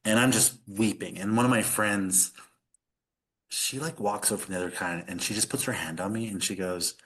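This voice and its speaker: A man's voice: fairly low pitch, normal speed, a bit bright. A middle-aged man, a podcast guest, telling a personal story in earnest conversation, with many fillers.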